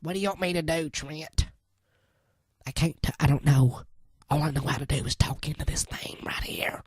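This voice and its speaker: In a comedy sketch, a woman plays a flustered, easily riled church lady who fumbles with the equipment, curses, then apologizes in a husky voice. The low-pitched delivery comes at normal speed on a dry, studio-quality recording.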